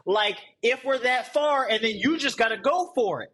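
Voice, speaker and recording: Male coach, high husky voice; loose joking delivery to a live group, animated. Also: unhurried, rough recording. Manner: rambling, joking, chuckles often; animated, rises high when mocking. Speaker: sales coach leading a training program.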